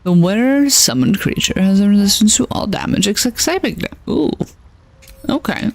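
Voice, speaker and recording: A woman's voice: mid-range voice, lively intonation, moderate pace, gravelly, darkish tone, no echo. A woman streaming a video game, chatting casually in rambling asides and laughing often. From United States. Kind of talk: casual chat while playing a video game.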